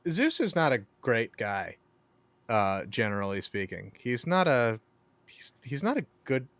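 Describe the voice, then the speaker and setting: A man's voice: medium pitch, big pitch swings, a little slow, fairly bright tone, no echo. A man co-hosting a casual movie review chat, joking as he recaps the plot. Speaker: podcast co-host.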